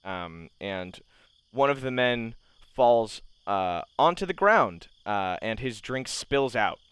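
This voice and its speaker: A man's voice: mid-range voice, lively intonation, slow pace, fairly bright tone, clean tone, no room sound. A man narrating casually as game master, with many fillers.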